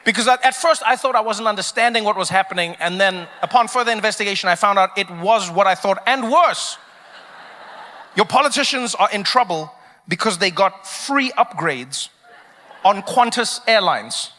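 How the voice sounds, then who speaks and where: A man performing a stand-up comedy routine, riffing in an animated, mock-puzzled way and acting out quotes. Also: high voice, moderate pace. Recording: reverberant hall, faint ambience.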